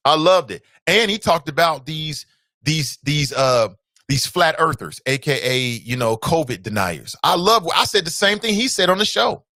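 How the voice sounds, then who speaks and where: Bright-voiced man ranting on his talk show. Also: lively intonation, normal speed, no echo, clean studio sound. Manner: emphatic, ranting, jumps into loud high outbursts; conversational asides and fillers. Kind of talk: casual talk-show monologue.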